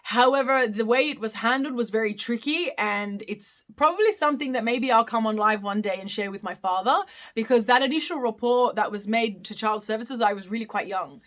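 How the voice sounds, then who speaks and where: Bright, chatty Australian woman in her thirties. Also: on the high side, a little fast. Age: 30s. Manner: chatty, giggly, reads comments aloud. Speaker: live Q&A host. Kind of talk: casual live-stream Q&A.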